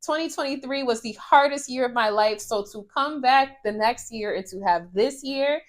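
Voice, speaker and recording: A woman's voice: fairly high pitch, moderate pace. Earnest grateful woman vlogger. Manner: earnest, grateful, fighting tears at times. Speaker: author and book vlogger. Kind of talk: casual heartfelt talk to camera.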